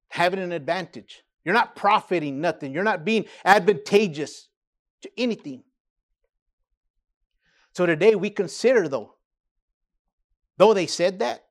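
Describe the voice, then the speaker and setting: A man preaching a sermon as pastor, building emphasis and dropping low for quiet asides.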